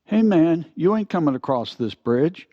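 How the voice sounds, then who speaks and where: An older man voicing a menacing male biker known as the Troll, loud and gruff. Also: a little high, animated, unhurried, no room sound, voice pushed up. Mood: threatening. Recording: dull, lo-fi dry recording.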